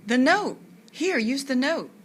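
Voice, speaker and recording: A woman voicing an excitable young girl who chatters eagerly about movies and mysteries. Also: sits high, a little slow, a little hiss or hum, voice pushed up. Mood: excited.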